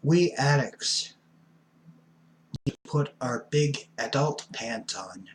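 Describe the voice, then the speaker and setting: At night in his rooming house room, an addiction counselor in his fifties vlogs casually in an animated, slow, medium-pitched voice. He plays things up theatrically, whispering and spelling out words, and the audio is poor with slight background noise.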